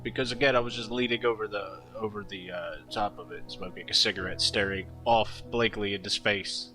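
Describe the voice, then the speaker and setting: Rambling young man with a bright voice. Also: on the low side, steady tone, brisk, soft background music, low-quality recording. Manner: rambling, laughs often, many fillers and restarts. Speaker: artist streaming while drawing. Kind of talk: casual storytelling while drawing.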